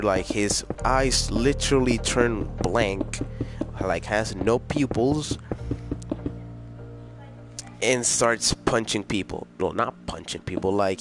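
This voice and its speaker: Rambling young man telling a storytime. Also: lowish voice. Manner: rambling, crude, full of fillers like "and stuff". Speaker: storytelling vlogger. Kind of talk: casual storytime. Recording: music playing in the background.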